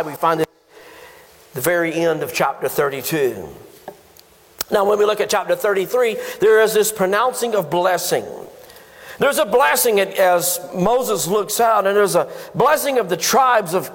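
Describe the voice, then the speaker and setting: A man with a high voice preaches to his congregation, pressing home his points with rhetorical questions. His words ring out with a long reverb through a church sanctuary. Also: normal speed. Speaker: pastor. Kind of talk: sermon.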